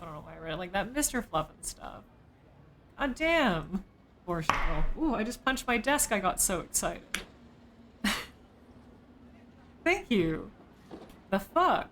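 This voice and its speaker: A woman streaming a game live who reacts with excitement and swears freely while she thanks her viewers. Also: medium pitch, slow pace, long pauses, slight background noise. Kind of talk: casual live-stream commentary.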